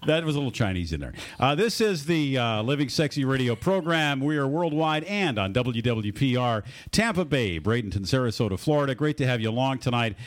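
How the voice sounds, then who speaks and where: Lively male radio host. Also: medium pitch, brisk, few pauses. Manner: lively, upbeat announcer patter. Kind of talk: radio talk show hosting. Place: radio studio.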